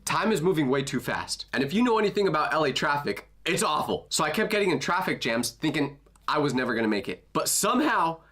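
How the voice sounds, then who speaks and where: A young man narrating a comedic storytime with animated, self-mocking energy. His pitch leaps all over the place, and his tone is bright and forceful as he lands each punchline. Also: fast talker.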